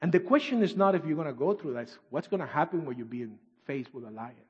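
Man, preaching, husky voice, higher pitch, dramatic swings from loud to hushed, non-native phrasing, echoey church hall. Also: expressive, quick pace. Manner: dramatic swings from shouts to near-whispers, reading scripture aloud. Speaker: pastor. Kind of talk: sermon. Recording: dull echoey hall recording.

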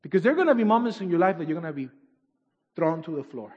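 Man, preaching, husky voice, higher pitch, dramatic swings from loud to hushed, non-native phrasing, echoey church hall. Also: big pitch swings, quick pace. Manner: dramatic swings from shouts to near-whispers, reading scripture aloud. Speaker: pastor. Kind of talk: sermon. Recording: dull echoey hall recording.

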